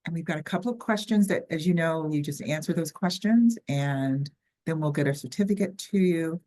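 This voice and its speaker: An older woman with a Southern US accent and a low voice wraps up an online workshop as its host. She talks in a chatty, halting way, full of ums and restarts, over a video call. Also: warm tone. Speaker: webinar host.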